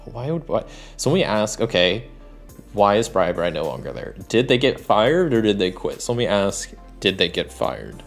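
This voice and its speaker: Low gravelly man running a solo game. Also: big pitch swings, normal speed, soft background music. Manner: rambling, thinking aloud with many fillers. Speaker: solo game master and player. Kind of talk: narrating a solo tabletop game.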